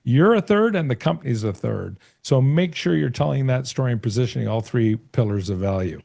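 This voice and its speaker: A middle-aged man, a sales coach being interviewed, explaining ideas through lively analogies and acted-out bits of dialogue. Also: mid-range voice, brisk, gravelly. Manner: storytelling, acts out short dialogues and analogies. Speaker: sales coach and author, guest. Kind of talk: conversational interview.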